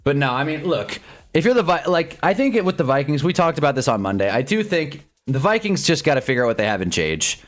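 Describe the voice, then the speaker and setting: A man streaming live sports commentary who swings between loud yelps and low mutters and chats with his viewers' comments. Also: sing-song, quick pace. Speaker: streamer hosting a live game watch-along.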